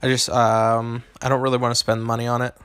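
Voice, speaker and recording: A young man chats with his live-stream audience between rounds of a game. He talks in a relaxed, halting way, full of ums and small restarts. His voice sits at an everyday middle pitch and sounds close and dry, with no room around it. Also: smooth, dry recording. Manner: hesitant, many ums and restarts. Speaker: game streamer answering chat. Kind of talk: casual live-stream chat.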